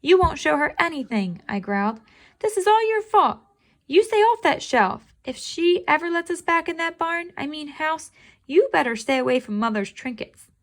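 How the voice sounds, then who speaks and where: A woman's voice: sits high, animated, normal speed, pitched above the performer's own voice. A woman voicing Kiki, a once-shy young female house cat in a storybook read-aloud, here scolding another cat firmly. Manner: scolding, firm.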